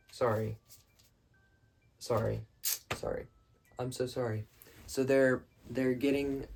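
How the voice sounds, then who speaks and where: A man rambling excitedly about a film in his bedroom at night, breaking off with quick apologies. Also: medium pitch. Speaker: vlogger reviewing a film. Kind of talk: rambling casual monologue.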